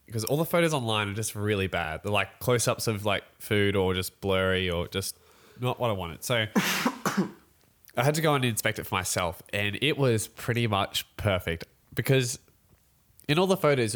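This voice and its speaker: Animated young man telling a story. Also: on the low side. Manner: animated storytelling, quick laughs, acts out voices. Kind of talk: casual chat.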